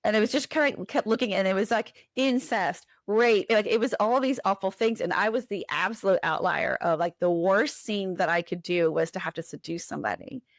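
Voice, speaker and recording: Woman podcast guest, animated storyteller, mid-pitched, dry booth sound. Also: fairly quick, hardly any pauses, dry recording. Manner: animated, acts out quoted voices. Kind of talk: casual storytelling conversation.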